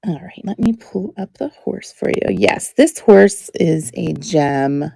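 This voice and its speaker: A woman hosting a live jewelry auction stream, chatting in a relaxed way as she describes each piece, with many ums. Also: lowish voice, slow, creaky, husky, dry recording.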